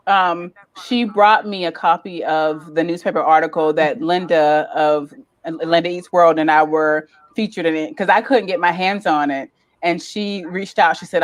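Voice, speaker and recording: Chatty woman guest with a lowish voice. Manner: animated, laughs often, chatty storyteller. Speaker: guest, lifestyle content creator. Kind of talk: casual interview chat.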